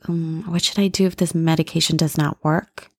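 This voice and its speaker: Woman retelling as a worried old widower, hesitant, low gravelly voice, dry sound. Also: fairly even intonation, normal speed, darkish tone, no echo. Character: grieving older widower, anxious and bewildered.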